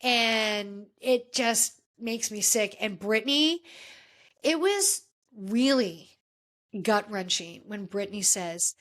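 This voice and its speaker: Emphatic, fairly high-voiced woman host. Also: animated, takes it slowly, fairly bright tone. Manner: emphatic, indignant, addresses people directly. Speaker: podcast host. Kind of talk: casual opinionated recap chat.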